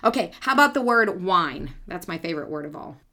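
A woman's voice: on the low side, lively intonation, brisk, bright, forceful tone. A woman in her forties, a speech therapist co-hosting a casual podcast, explaining in a teacherly way, checking for understanding and laughing easily. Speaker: podcast co-host; speech language pathologist.

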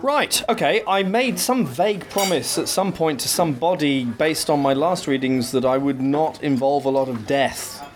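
A man introducing and reading a fairy-tale retelling aloud, in a measured, lyrical way. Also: fairly high pitch, animated, crowd noise. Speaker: reader.

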